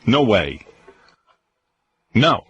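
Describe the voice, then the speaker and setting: A man's voice: fairly low pitch, very animated, very slow, muffled recording, crowd noise. A middle-aged man hosting a radio show, teasing and mocking his guest with frequent laughter.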